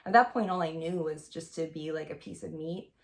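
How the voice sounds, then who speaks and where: A young woman recounts a personal story in a loose, chatty vlog manner, her lowish voice catching with a gravelly rasp at the ends of phrases. She rambles candidly, stacking fillers as she goes. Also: fairly quick. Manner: chatty, heavy use of "like" and "um", candid. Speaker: vlogger. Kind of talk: casual storytelling to camera.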